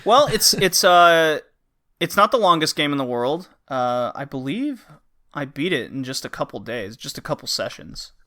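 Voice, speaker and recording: A man's voice: on the high side, lively intonation, normal speed, pushed and bright. A man hosting a casual game podcast, rambling with many fillers as he reviews recent releases. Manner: rambling, frequent uh and um, acts out game lines. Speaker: podcast host.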